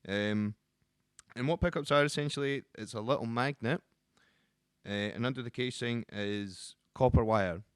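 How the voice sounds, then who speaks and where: A man who works as a guitar teacher, explaining the instrument in a relaxed, casual way with frequent ums and restarts. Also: medium pitch, moderate pace, smooth, dry recording, clean studio sound.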